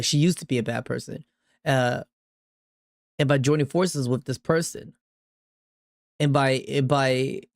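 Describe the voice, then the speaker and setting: A man's voice: on the high side, no room sound, clean studio sound. A young man streaming a game, reacting heatedly to the story and talking to chat in a profane, rambling way. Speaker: gaming streamer. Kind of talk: live reaction commentary to chat.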